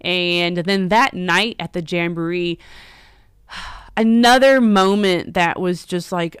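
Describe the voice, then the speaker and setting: A woman's voice: lowish voice, takes it slowly, clean tone, no echo. Emotional chatty woman with a lilt. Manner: emotional, teary and laughing, chatty. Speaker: livestream host and horror store owner. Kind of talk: casual live-stream chat.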